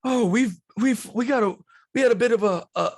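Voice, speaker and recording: A man voicing an overexcited bearded human camp leader who gushes greetings in a high voice. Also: brisk, no echo, studio quality. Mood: flustered. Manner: high, effusive, gushing greetings.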